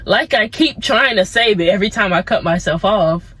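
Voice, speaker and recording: A woman's voice: mid-range voice, animated, moderate pace, fairly bright tone, breathy edge, low-quality recording. A young woman vlogging outdoors in a casual motivational chat that keeps wandering off into side thoughts. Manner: rambling, easily sidetracked, laid-back. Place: outdoors among plants.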